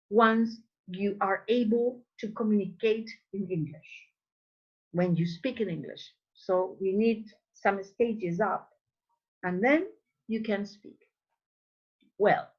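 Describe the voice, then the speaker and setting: Slow, husky-voiced woman teaching English. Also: mid-range voice, lo-fi sound. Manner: demonstrates sounds slowly, repeating words. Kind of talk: online class lesson.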